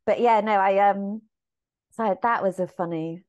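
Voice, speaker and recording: A woman with an English accent, a musical theatre actress chatting as a podcast guest and telling lively anecdotes, acting out the lines she quotes. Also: mid-range voice, measured pace, lo-fi sound. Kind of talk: casual anecdotal chat.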